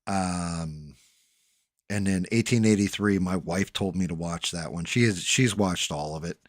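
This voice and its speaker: Low-voiced man muttering while he paints. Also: unhurried, no echo, studio quality. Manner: swears freely, mutters to himself while working; relaxed, rambling storytelling. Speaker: livestream host. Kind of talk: casual chat while painting.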